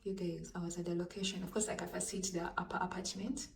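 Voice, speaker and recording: Animated woman telling a storytime on her phone. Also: lowish voice, quick pace, gravelly, distant mic. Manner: animated, dramatic storytelling, addressing viewers as you guys. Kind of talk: casual storytime vlog. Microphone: handheld phone. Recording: roomy echo, voice off-mic, faint background noise.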